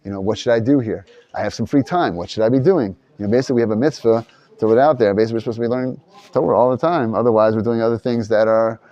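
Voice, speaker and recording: A man's voice: medium pitch, mellow, dull audio. A man leading a casual Torah class discussion, loose and rambling, thinking aloud with frequent restarts. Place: study hall.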